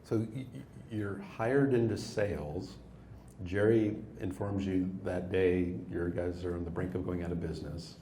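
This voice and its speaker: A male host with a very deep, mellow voice asks measured, prompting questions. The room is echoey and carries a faint background hiss. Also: steady tone. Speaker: interviewer, host. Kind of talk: on-stage interview questions.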